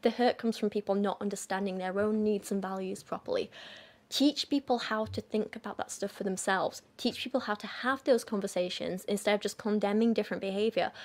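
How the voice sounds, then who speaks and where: A woman reads posts and replies aloud, steady and measured. Her voice sits at a middle pitch. Nothing in her delivery is rushed or heated.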